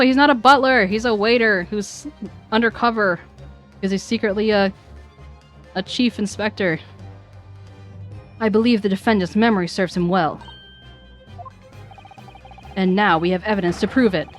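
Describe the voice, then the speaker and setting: A woman's voice: mid-range voice, moderate pace, pauses often, soft background music. A woman streamer reading visual novel dialogue aloud, voicing the characters and stumbling over names.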